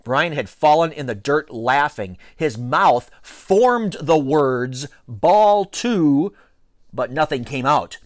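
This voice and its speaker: A man's voice: medium pitch, slow, few pauses, no echo, clean studio sound. Man reading a children's book expressively. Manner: expressive, varied storytelling delivery. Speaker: reader. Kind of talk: reading a children's novel aloud.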